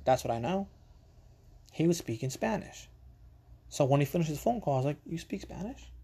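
A man's voice: fairly high pitch, lively intonation, a little fast, vocal fry, dark tone, breathy edge. A man, hosting a podcast and telling a rambling, casual story full of asides and the odd swear word. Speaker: podcast host.

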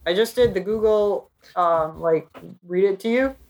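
A man's voice: high voice, a little slow, a little mellow. A man chatting casually with friends, a little hesitant and offhand. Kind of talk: casual chat.

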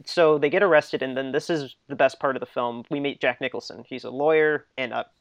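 Podcast co-host, male, chatty and giggly, smooth tone, slightly muffled dry recording. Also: medium pitch, steady tone, brisk, no room sound. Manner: chatty, laughs often, trails off and restarts. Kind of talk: casual film discussion.

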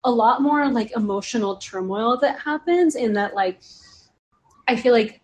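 A woman's voice: on the high side, normal speed. A woman chatting casually on a podcast, rambling and filling her talk with "like". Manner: rambling, heavy use of "like". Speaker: podcast guest or host.

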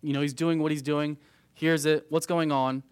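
A man's voice: fairly high pitch, level tone, moderate pace, a little mellow, clean tone, dry recording. Casual young-sounding male youth pastor. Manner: conversational, frequent "right?" asides. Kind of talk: verse-by-verse Bible teaching.

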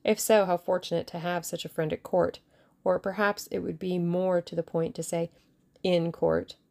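A woman voicing a calm, scornful female schemer who speaks lightly and coolly in an audiobook. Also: fairly low pitch, normal speed, creaky.

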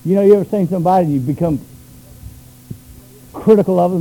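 A pastor preaching a sermon, swinging between loud shouted runs and quiet low asides. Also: male voice, quick pace, pauses often, rough recording.

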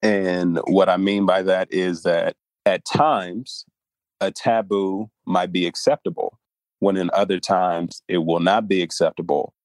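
A man's voice: deep voice, fairly even intonation, measured pace, dry recording. A man co-hosting a podcast in casual chat, easygoing, thinking aloud and laughing often. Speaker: podcast co-host.

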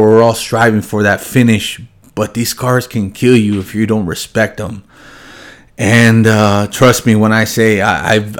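Choked-up man speaking haltingly, low voice. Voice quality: halting, many fillers and restarts. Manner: subdued and heavy, voice dropping low when grieving. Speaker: car shop owner. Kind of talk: emotional personal remembrance to viewers.

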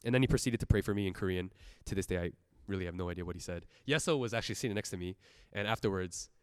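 A man's voice: sits low, rapid-fire, clean tone, no room sound, studio quality. A young man giving an earnest, personal sermon testimony, laughing often as he talks. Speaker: church speaker giving a testimony.

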